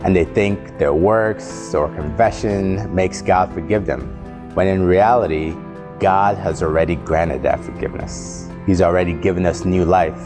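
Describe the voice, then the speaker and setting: A man co-hosting the program, calmly summing up the message in a scripted reflection. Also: low voice. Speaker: program co-host. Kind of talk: scripted reflection after a sermon. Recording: voice over music.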